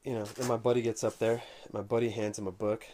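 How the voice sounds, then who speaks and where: Casual male vlogger, lowish dark voice, rambling storyteller. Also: little pitch movement, slight background noise. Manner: unhurried, conversational storytelling. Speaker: comic collector vlogger.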